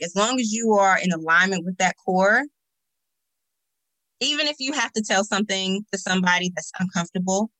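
A woman who owns an agency appears as a podcast guest in a casual interview chat, telling stories animatedly and repeating words for emphasis. Her voice is mid-range, with no echo but poor audio quality.

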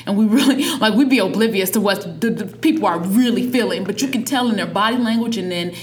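A woman in her thirties, a parent, chatting casually on a podcast and telling a family story with lively acted-out quotes. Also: mid-range voice, fast, a little hiss or hum. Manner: animated storytelling, acts out quotes. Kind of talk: casual conversation.

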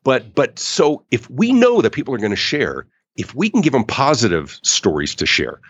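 A man talking as a guest in a podcast interview, emphatic and animated. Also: mid-range voice, normal speed, husky, no room sound, muffled recording. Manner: animated, emphatic, acts out quoted customers. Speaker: author and customer experience speaker, guest.

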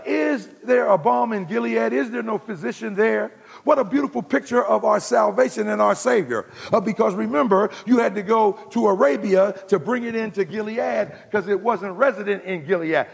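A man preaching a sermon as pastor, calling out to the congregation and swinging from loud to hushed. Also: high voice, creaky, slightly rough, long reverb tail.

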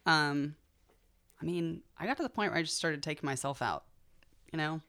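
A woman on a panel discussion, speaking softly and candidly, often trailing off quietly. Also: deep voice, moderate pace. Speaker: panel guest.

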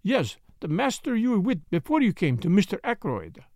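A man doing Hercule Poirot, sharp French-accented detective. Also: sits high, wildly swooping pitch, normal speed, no echo, studio quality, voice pushed up, exaggerated voice. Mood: probing. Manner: precise, needling questions with sudden sharp jabs. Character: shrewd middle-aged Belgian detective, probing and self-assured. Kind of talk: audiobook character voice.

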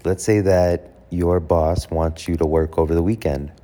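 A man's voice: low-pitched, fairly even intonation, a little slow, dark tone. A man talking casually to camera about handling requests, correcting himself and acting out short example exchanges. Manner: conversational, self-correcting, acts out example dialogue. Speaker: host. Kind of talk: casual advice talk.

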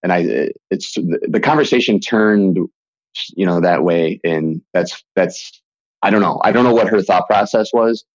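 A young man as a podcast guest, talking in halting, restarting sentences and laughing easily. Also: low-pitched, no room sound, lo-fi sound. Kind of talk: casual interview chat.

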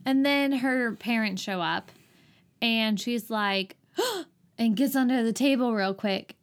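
A woman's voice: a little high, expressive, takes it slowly. A woman co-hosting a casual movie chat, sarcastic and exasperated. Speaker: podcast co-host reviewing a movie.

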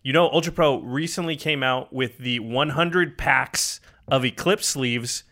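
A man co-hosts a casual podcast with a bright, sharp-edged voice. He jokes around and rattles things off in quick bursts. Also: mid-range voice. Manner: jokey, quick bursts of talk. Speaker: podcast co-host. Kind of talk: casual chat. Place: studio or room with camera.

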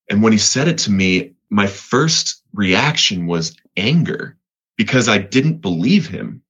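Man from Colorado, earnest testimony, low husky voice, lo-fi sound. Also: lively intonation, unhurried, fairly bright tone. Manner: earnest, repeats words, voice rises when reliving moments. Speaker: guest telling his recovery story. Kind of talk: personal testimony in an interview.

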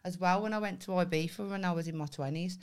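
A woman's voice: lowish voice, fast talker, clear, resonant tone. A woman, telling a wild story on a casual podcast and swearing freely. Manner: animated storyteller, swearing, acts out voices with laughter. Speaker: podcast co-host. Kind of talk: casual chat.

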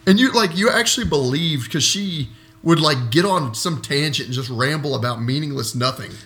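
A man's voice: on the high side, expressive, moderate pace, fairly bright tone. A man in a casual chat who rambles on tangents and swears with mock outrage. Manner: rambling, profane, exaggerated outrage.

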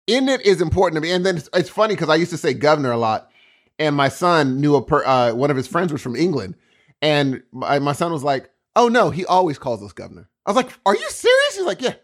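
A man co-hosting a podcast, joking around in casual chat and laughing easily. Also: on the high side. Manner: animated, jokey, quick to laugh. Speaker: podcast co-host.

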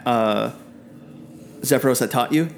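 A man narrating as dungeon master, halting with fillers and restarts. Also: medium pitch, vocal fry, slight background noise. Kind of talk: narrating a tabletop game.

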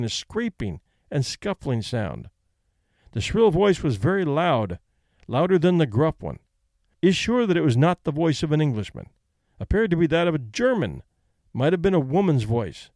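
A man narrating a story aloud in a measured, expressive reading of formal testimony. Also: on the high side, dry recording, studio quality. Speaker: audiobook reader. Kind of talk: scripted narration.

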